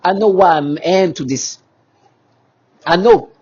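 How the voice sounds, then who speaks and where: A man's voice: high-pitched, slow, a little mellow, slightly rough, muffled recording. A man speaking in an agitated monologue to camera. He talks emphatically and repeats himself, with many restarts and rhetorical questions. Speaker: vlogger.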